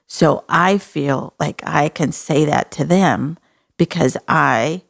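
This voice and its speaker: A Texan woman hosting an advice talk, speaking frankly and with compassion. Her voice sits low and carries a gravelly fry. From Texas. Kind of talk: advice talk show conversation.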